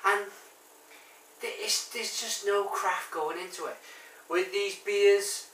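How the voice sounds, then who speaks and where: A man's voice: sits high, steady tone, takes it slowly, a bit bright, far from the mic, a little hiss or hum. A man with a Barry Welsh accent, reviewing a bottled beer in a chatty, rambling way full of ums and restarts. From Wales. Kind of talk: casual review to camera. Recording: echoey room, voice off-mic.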